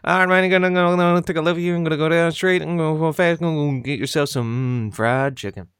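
A man plays a loud good-ol'-boy, barking out driving directions. The voice sits higher than the performer's own and hollers. It is recorded close and dry. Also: steady tone, fast, clean tone, no echo, close to an everyday voice. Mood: hollering. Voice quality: brash, hollering.

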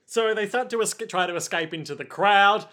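A man's voice: high voice, brisk, sharp tone. A man co-hosting a podcast, narrating a story recap in casual, joking chat and laughing often. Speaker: podcast co-host.

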